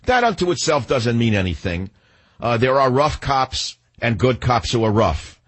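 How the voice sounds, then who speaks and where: A man's voice: medium pitch, very animated, moderate pace, husky. An older man hosting a talk radio show, delivering an indignant, combative monologue.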